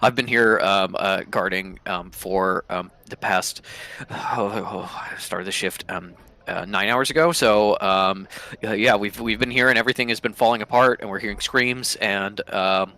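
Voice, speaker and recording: Bright-voiced man running a tabletop game. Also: fairly low pitch, normal speed. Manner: hesitant, full of ums, laughs at his own jokes. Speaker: game master.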